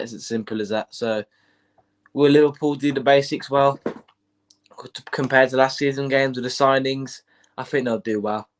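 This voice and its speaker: A man co-hosting a casual football stream, stuffy with hay fever and a bug, repeating his points in a laid-back way. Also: medium pitch. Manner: laid-back, repetitive, fan talk. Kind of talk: casual chat.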